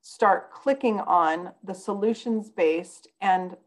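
A woman's voice: medium pitch, slow pace, rough recording. A woman guest on a podcast, telling a personal story in an earnest, conversational way.

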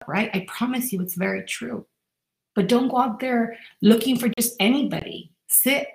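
A woman's voice: mid-range voice, vocal fry, roomy sound, low-quality recording. A woman life coach giving an earnest, direct motivational podcast monologue, speaking straight to the listener.

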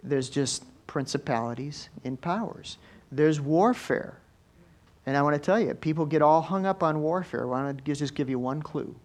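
A male pastor preaching a lively sermon in church, swinging from soft asides to loud exclamations. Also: on the high side, moderate pace. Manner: animated preaching with big swings in loudness.

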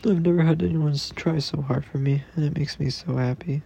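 A young man talking tenderly and rambling to his girlfriend in a personal podcast, sometimes dropping into soft whispers. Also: on the high side, fairly even intonation, a little fast, creaky, hardly any pauses, a little hiss or hum. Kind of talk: intimate personal voice message.

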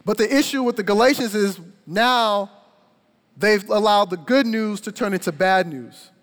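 A young man preaching a sermon, telling a personal story with energetic, emphatic delivery. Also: high-pitched, moderate pace. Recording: long hall reverb.

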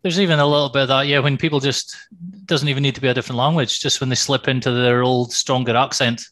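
A man's voice: mid-range voice, fairly even intonation, quick pace, fairly bright tone. Englishman telling a chatty story. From England. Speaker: podcast co-host. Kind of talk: casual chat.

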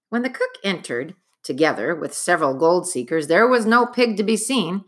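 A woman narrating a chapter book aloud in an expressive, dramatic storytelling manner. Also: fairly low pitch, normal speed.

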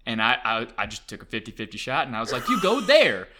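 A man as a podcast guest, telling an excitable, self-mocking story and acting out voices in a casual chat. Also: on the low side, fast, background noise.

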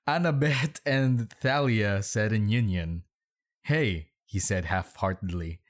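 A man's voice: fairly low pitch, slow pace. A man hosting a podcast, reading bad fan fiction aloud in his bedroom with sarcastic, mocking asides. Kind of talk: comedic dramatic reading with commentary.

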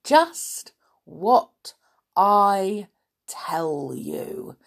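A woman voicing a male snowman in a storybook reading, in a soft, whispery, snowy voice. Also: mid-range voice, sing-song, drawn-out words, creaky, heavily acted. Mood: sly.

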